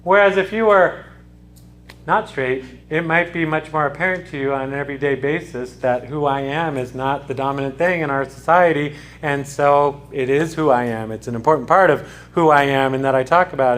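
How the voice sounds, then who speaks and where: A man's voice: on the high side, a little fast, a bit bright. A man giving a conversational classroom lecture as a sociology lecturer, talking in restarts and asides to his students. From United States.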